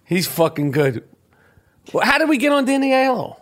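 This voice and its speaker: A man's voice: extremely high pitch, normal speed. A man hosting a loose, profane podcast chat in a studio. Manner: animated, profane, laughs a lot. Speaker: podcast host.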